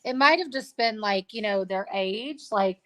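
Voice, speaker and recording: A woman in her thirties talks through her thoughts on a novel in a relaxed, rambling way. She circles back often and leans on fillers as she goes. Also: medium pitch, a little slow. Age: 30s. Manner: rambling, many fillers and restarts. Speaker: co-host. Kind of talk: casual book chat.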